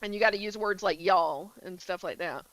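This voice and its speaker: A woman's voice: mid-range voice, normal speed, a bit bright, no room sound, low-quality recording. A woman from the States, chatting casually with her stream while playing a game, full of filler likes. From southern United States. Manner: chatty, answers chat, many filler likes. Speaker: gaming streamer.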